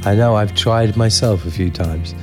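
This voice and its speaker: Brief: male producer, lowish voice, reflective and easygoing. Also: normal speed, loud music behind the voice. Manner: thoughtful, conversational, many "you know"s. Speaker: record producer. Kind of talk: reflective interview.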